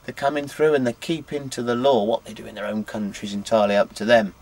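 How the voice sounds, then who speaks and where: Chatty English truck driver. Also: male voice, mid-range voice, flat delivery, quick pace, a little mellow. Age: 20s. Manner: chatty, anecdotal, many "you know" fillers. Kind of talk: casual interview chat. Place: outdoors at a harbour.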